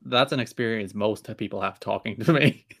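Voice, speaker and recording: A man's voice: lowish voice, moderate pace, creaky, fairly bright tone. A man from Ireland with a light Irish accent, a podcast guest in casual chat with a dry, self-deprecating humor.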